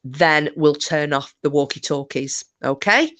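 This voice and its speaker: A woman's voice: low-pitched, unhurried, fairly bright tone. A woman voicing a blunt, commanding man who leads a hunt and swears freely. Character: gruff British man leading a hunt.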